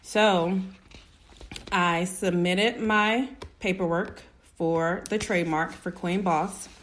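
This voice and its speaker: Animated woman telling her story. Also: lowish voice, slow, slight background noise. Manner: animated, emphatic, keeps asking "right?". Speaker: small business owner. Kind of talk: personal storytelling to camera.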